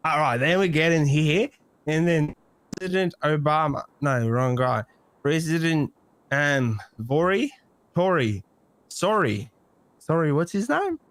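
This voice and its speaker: A man's voice: a little high, expressive, measured pace, a bit bright, dry recording. A man in a role-play game telling a profane story with animation and acting out the dialogue. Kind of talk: casual in-character storytelling.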